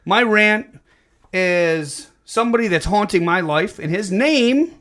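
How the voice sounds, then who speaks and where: A man hosting a casual podcast, loud, profane and rambling. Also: high-pitched, lively intonation, slow pace. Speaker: podcast host.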